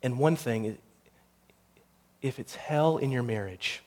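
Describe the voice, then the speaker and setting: A man, the pastor, delivering a sermon that builds to intense storytelling and closes in a quiet prayer. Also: mid-range voice, slow pace.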